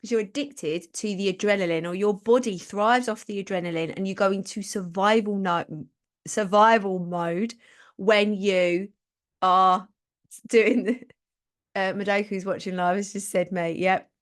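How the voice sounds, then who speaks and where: A woman's voice: medium pitch, steady tone, normal speed. A woman hosting a live stream. She gives casual motivational talk, chatting and laughing as she acts out quotes. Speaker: podcast host and business coach.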